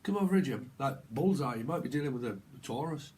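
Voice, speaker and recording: A man voicing a gruff, annoyed man from the north of England with a Northern English accent, insistent and repetitive. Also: medium pitch, animated, fast talker, darkish tone, distant mic, lightly acted. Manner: blunt, insistent, repeats himself.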